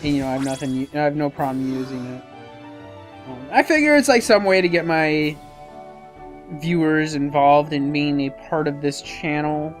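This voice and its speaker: Speaking at a moderate pace in a steady, medium-pitched voice, a let's-play YouTuber offers loose commentary on his playthrough. He rambles, talks to himself about which way to go, and hesitates with fillers, with soft music in the background.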